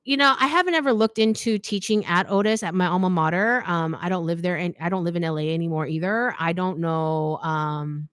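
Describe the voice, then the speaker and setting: A middle-aged woman hosting a casual livestream Q&A, reading comments aloud, chatty and quick to laugh, saying "like" a lot. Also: lowish voice, fairly bright tone, clean tone, dry recording, studio quality. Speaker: fashion YouTuber hosting a live Q&A.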